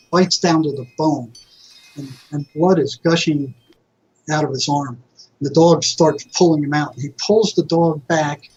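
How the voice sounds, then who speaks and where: A man's voice: a little high, darkish tone, a little hiss or hum. A retired psychotherapist telling vivid anecdotes in a casual interview, acting out quoted voices as he goes. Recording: dull lo-fi audio.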